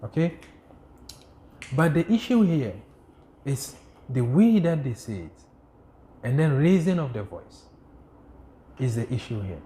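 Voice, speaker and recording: A man teaching a class on religion, who keeps asking rhetorical "what?" questions, answers them himself, and recites Arabic quotations quickly. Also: medium pitch, very animated, dark tone, slight background noise. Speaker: Islamic studies teacher.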